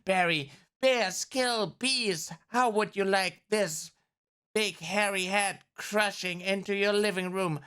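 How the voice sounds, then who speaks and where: A woman's voice: mid-range voice, slow pace, a bit bright, smooth. A woman voicing an earnest male bee lawyer, reading a film script aloud in her own plain voice. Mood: indignant. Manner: plain read-aloud delivery.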